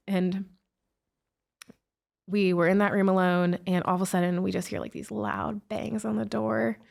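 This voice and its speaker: A woman's voice: mid-range voice, steady tone, moderate pace, vocal fry, a little mellow. A woman guest recounting a painful personal story in an interview, emotional and full of "like" fillers. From United States. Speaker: guest, author and speaker.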